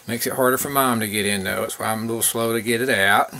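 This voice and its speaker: Man, gravelly and bright, soft baby-talk vlog, light background hiss. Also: fairly low pitch, fairly even intonation, quick pace, few pauses. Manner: coos and talks softly to the puppies. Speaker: dog breeder filming his puppies. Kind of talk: casual vlog narration and baby talk to puppies.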